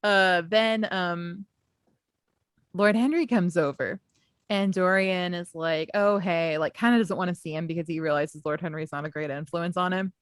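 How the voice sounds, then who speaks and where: A woman's voice: fairly low pitch, fairly even intonation, normal speed, clear, resonant tone, no echo, studio quality. A woman co-hosting a book podcast, retelling scenes in quoted voices and laughing often. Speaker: podcast co-host. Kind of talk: casual book discussion. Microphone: remote recording.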